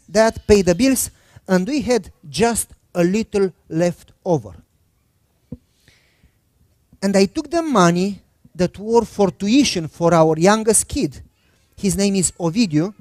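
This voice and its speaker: A man's voice: sits high, a little mellow, dry recording, clean studio sound. Male pastor telling a story in a sermon. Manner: conversational, acts out quoted dialogue.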